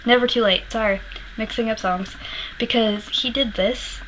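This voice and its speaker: A woman's voice: a little high, fairly even intonation, normal speed, fairly bright tone, slight background noise, low-quality recording. A young woman telling a concert story in a casual vlog, candid and rambling, swearing freely and laughing often. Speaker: music vlogger.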